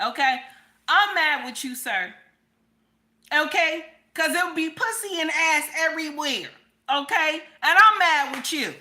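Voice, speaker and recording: Sassy woman with a cold, bright high voice. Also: a little slow. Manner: sassy, repetitive, profane. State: has a cold, coughing. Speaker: commentary host. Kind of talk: livestream commentary.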